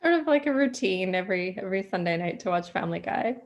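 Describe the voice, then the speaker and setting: A woman hosting an online event chats in a relaxed, friendly way with her guest. Her voice sits at an ordinary middle pitch for a woman, and her talk is easygoing and conversational. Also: fast talker, lo-fi sound. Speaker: webinar host. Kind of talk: casual chat with the speaker.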